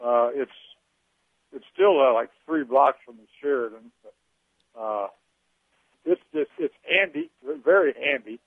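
A man's voice: mid-range voice, big pitch swings, measured pace, vocal fry, pauses often, husky, dry recording. A man calling into a radio show, talking in a rambling, hesitant way with many fillers. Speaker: caller, train conductor. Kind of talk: phone-in chat. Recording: dry, tinny phone line.

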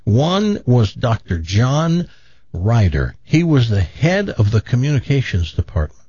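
An older man tells his life story with lots of movement in his pitch, acting out the other voices he quotes. His voice is a bit husky, and the sound is muffled and dry. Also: a little slow, no echo. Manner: animated, self-deprecating, acts out quoted voices. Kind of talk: casual storytelling.

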